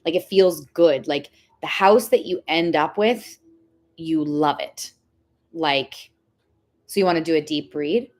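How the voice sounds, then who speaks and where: A young woman reading tarot on a livestream, chatting casually with viewers. She is excitable and says "like" a lot. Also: low voice, slow pace. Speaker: tarot reader hosting a livestream.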